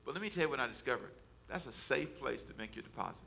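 Sharp-voiced preaching man. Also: mid-range voice, animated, fast, vocal fry. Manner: conversational preaching with asides to the congregation. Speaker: pastor. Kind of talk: sermon.

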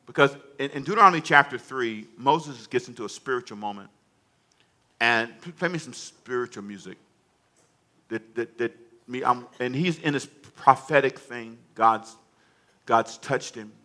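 Bright, emphatic male preacher. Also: mid-range voice, normal speed. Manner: emphatic, humorous, storytelling preacher. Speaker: pastor. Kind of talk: sermon.

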